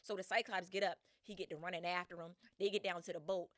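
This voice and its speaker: A woman hosts a podcast, retelling a tale with slangy, laughing animation and acting out voices. Her voice is bright and forceful, recorded close and dry with no room sound. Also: on the low side, steady tone, fast, no room sound. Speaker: podcast host. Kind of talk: animated casual storytelling.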